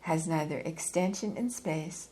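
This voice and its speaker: A woman reading a philosophy book aloud in a measured, deliberate way, stopping now and then for a quick aside or to correct herself. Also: low voice, dark tone, slight background noise, poor audio. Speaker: reader.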